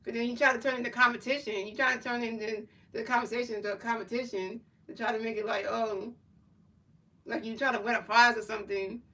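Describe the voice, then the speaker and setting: A woman's voice: on the high side, steady tone, quick pace, pushed and bright, distant mic, low-quality recording. A woman streamer in casual chat, rambling and repeating herself as she answers her chat. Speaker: livestreamer.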